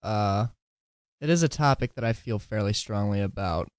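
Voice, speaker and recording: A man's voice: on the low side, normal speed, clean tone, dry recording, studio quality. A tired man hosting a casual solo podcast, rambling and giggling, slurring his words at times. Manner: giggly, rambling, self-deprecating. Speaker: podcast host.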